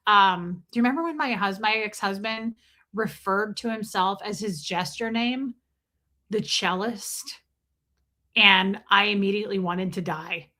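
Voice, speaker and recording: A woman with a mid-range, pushed, bright voice hosts a live stream. She chats casually and bluntly, makes sarcastic asides, and greets her chat by reading names aloud.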